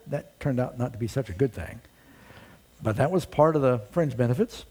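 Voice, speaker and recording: Husky, animated male preacher. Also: mid-range voice, quick pace. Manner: dramatic storytelling with rhetorical questions. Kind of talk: sermon.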